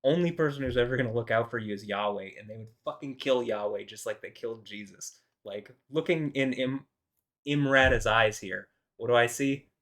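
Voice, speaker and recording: A man's voice: mid-range voice, a little fast, fairly bright tone. A man rambling in an indignant solo commentary, full of filler words and restarts. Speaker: video host.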